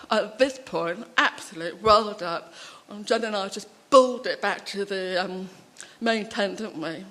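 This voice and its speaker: A woman speaking at a conference, telling personal anecdotes in a chatty, animated way with many asides. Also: medium pitch, moderate pace.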